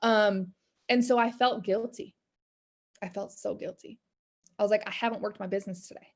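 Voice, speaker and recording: A woman's voice: mid-range voice, steady tone, normal speed. A woman in her thirties, a business coach, talking candidly and rambling about faith and discouragement. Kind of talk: casual motivational talk. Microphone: video call.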